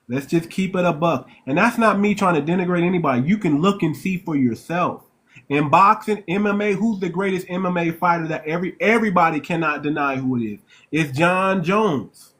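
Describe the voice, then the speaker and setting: A man with a somewhat high-pitched voice hosts a live stream and speaks with emphatic, sermon-like conviction. He turns to his listeners again and again, rallying them as he reads their comments aloud. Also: slight background noise. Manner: emphatic, preacher-like, addresses the audience as y'all. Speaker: livestream host. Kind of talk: live-stream discussion reading chat comments.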